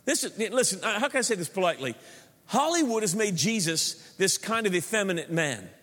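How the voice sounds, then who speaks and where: A pastor preaching a sermon in an emphatic, animated way, mixing punchy repetition with joking asides to the congregation. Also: male voice, sits high, fairly quick, big-room sound.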